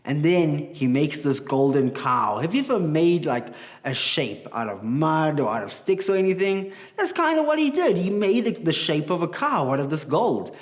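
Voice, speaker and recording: A man teaching a children's Bible class, telling the story in an animated, chatty way and asking the kids questions. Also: a little high, normal speed.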